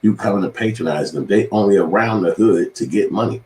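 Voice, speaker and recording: Deep-voiced man ranting heatedly. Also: fairly quick, a little mellow, echoey room. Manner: profane, heated, impassioned. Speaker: commentator. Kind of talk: ranting news commentary.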